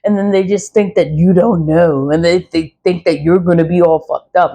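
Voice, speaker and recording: A woman's voice: lowish voice, fairly even intonation, moderate pace, hardly any pauses, mellow. Profane, laughing woman rambling casually. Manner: profane, laughs often, repeats herself. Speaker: spiritual product vlogger.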